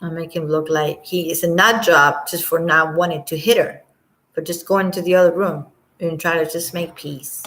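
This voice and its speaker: A woman giving casual commentary on an audio clip, rambling and sometimes dropping to a quiet near-whisper. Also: low voice, fairly even intonation, moderate pace.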